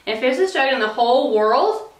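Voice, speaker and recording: A woman's voice: high voice, lively intonation, fairly quick. A woman voicing a bold, clever young princess with emphatic, exclaiming lines, recorded from a distance in a roomy space. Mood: excited.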